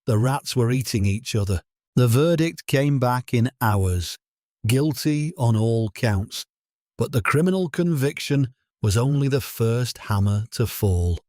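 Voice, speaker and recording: Male narrator for a dramatic story: unhurried, mellow, steady and solemn. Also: medium pitch, no room sound, studio quality.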